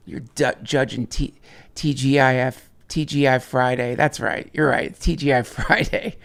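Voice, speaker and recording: A man's voice: mid-range voice, fairly even intonation, moderate pace, gravelly, a bit bright. A man hosting a livestream, rambling casually and profanely with lots of restarts and chuckles while reading viewer chats.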